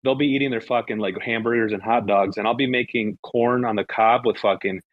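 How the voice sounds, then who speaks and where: A man of Mexican heritage hosting a casual group chat, animated and swearing a lot, playfully indignant. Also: fairly low pitch, brisk, no echo, phone-quality sound. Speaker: host.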